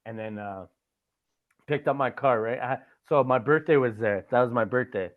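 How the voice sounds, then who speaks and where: At a moderate pace and medium pitch, this Canadian host tells a long story on a casual podcast chat, rambling loosely, swearing a lot, and frequently tagging on "right?". The audio is tinny and phone-like.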